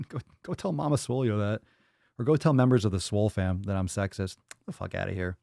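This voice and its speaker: A man's voice: lowish voice, steady tone, fairly quick, gravelly, mellow, no room sound, studio quality. A man hosting a live fitness Q&A stream, blunt and profane as he answers chat. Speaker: fitness podcast host.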